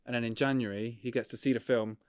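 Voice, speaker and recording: A man, a documentary filmmaker, talking in a relaxed, rambling way on a casual podcast, full of fillers and swearing. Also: mid-range voice, fast talker, clear, resonant tone, no echo, clean studio sound. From England.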